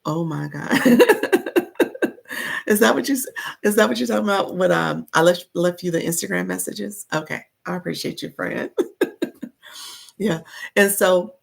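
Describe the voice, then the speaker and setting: A woman's voice: lowish voice, normal speed, vocal fry, long pauses, husky. A woman coaching live-stream viewers in a chatty way, greeting people in the chat by name and laughing often.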